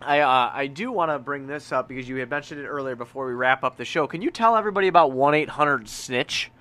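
A man co-hosting a casual sports podcast, profane and animated, often repeating himself. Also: mid-range voice, fast talker. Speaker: podcast co-host.

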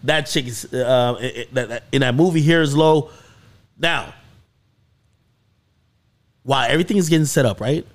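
A man hosting a podcast, telling a story in casual chat with lots of swearing and excited peaks. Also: mid-range voice, moderate pace, pauses often. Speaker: podcast host.

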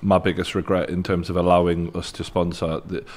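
Deep-voiced Geordie podcast host. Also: male voice, little pitch movement, brisk. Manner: blunt, swears casually, teasing. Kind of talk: casual podcast interview.

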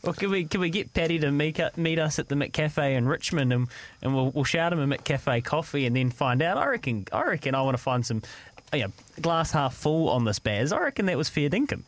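A man's voice: on the high side, lively intonation, brisk. A man on a breakfast sports radio show, making upbeat asides and links. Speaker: radio co-host.

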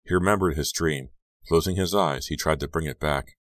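Very deep-voiced male audiobook narrator. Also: moderate pace, a bit bright, no room sound. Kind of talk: scripted narration.

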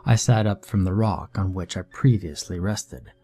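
A man calmly narrating a first-person horror story in a measured, scripted way. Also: low voice, soft background music.

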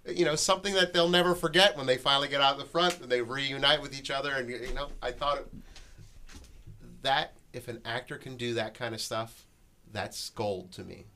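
A man's voice: mid-range voice, brisk, sharp tone, slight background noise. A man who acts in a haunted house, telling stories in a casual chat in an earnest, rambling way.

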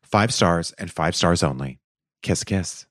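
A man's voice: low-pitched, lively intonation, slow, fairly bright tone, dry recording, clean studio sound. A man co-hosting a podcast in casual chat, playful and theatrical as he reads listener reviews aloud. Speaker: podcast co-host.

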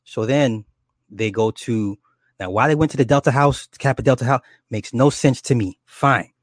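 Casual male storyteller, mid-pitched, profane and animated, dry close sound. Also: normal speed, no room sound. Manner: animated and profane, with many restarts and acted quotes. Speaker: storyteller recounting a horror movie. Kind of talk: casual rambling plot retelling.

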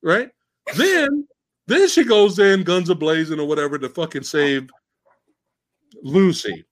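Animated, profane male podcast host. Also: a little high, moderate pace. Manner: animated, profane, mocking plot retelling. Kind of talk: casual podcast film discussion.

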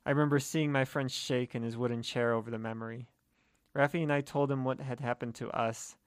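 A man narrating a first-person horror story at a steady, measured pace. His voice is mid-pitched and plain. The recording is dry and close. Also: clear, resonant tone, dry recording.

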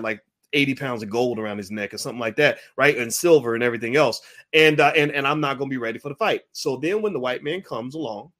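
A middle-aged man hosting a podcast, giving a mocking, animated commentary monologue, at times breaking into a high wailing baby voice. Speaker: podcast host.

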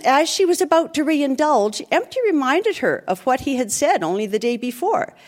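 A woman reading a dark comic story aloud in an animated, playful way. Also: high-pitched, normal speed.

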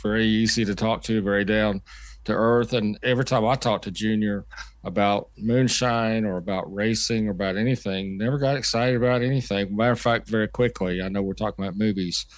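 An older man, a veteran motorsport journalist, telling stories in a casual podcast chat at an unhurried pace with many fillers. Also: on the low side, steady tone, no room sound.

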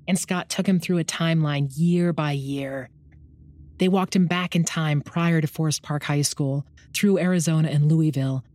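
A woman narrating a true-crime documentary in a low, even, measured voice. Her voice-over is recorded dry and close, with no room sound around it. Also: dry recording.

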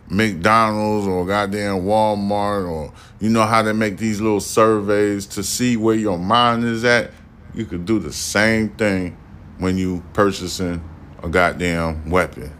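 A man's voice: lowish voice, a bit bright. A man hosting a solo commentary podcast, talking in a blunt, emphatic, casual way and swearing often. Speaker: podcast host.

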